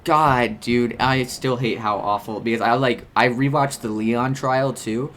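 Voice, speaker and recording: A man's voice: medium pitch, fairly even intonation, measured pace, fairly bright tone, a little hiss or hum. A young man co-hosting a let's play, rambling casually with lots of swearing and self-mocking jokes. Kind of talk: casual gaming commentary.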